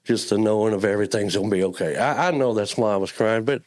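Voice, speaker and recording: A man giving an earnest personal faith testimony as a church guest. He talks haltingly, often repeating his words, and sounds close to tears. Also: lowish voice, darkish tone. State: emotional, near tears.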